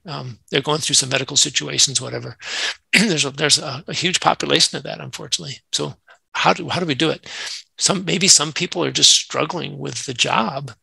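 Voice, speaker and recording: A man's voice: on the high side, a little fast, gravelly, pushed and bright, breathy edge, no room sound, poor audio. A man, a nonprofit CEO, talking earnestly in an interview and telling workplace stories. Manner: earnest, acts out quoted dialogue in anecdotes. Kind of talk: conversational interview storytelling.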